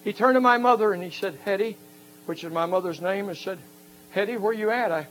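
A man preaching a fervent revival sermon, rising into shouted peaks. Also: sits high, fast talker, poor audio. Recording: faint mains hum.

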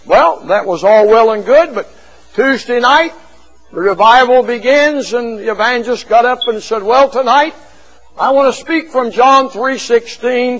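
High-voiced man preaching a sermon. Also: rough recording. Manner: storytelling, with shouted climaxes.

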